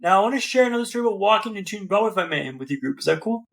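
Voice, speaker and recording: A man's voice: high-pitched, expressive, racing, vocal fry. A man, a podcast guest telling a dramatic personal story with a vivid, rhythmic build and repeated phrases.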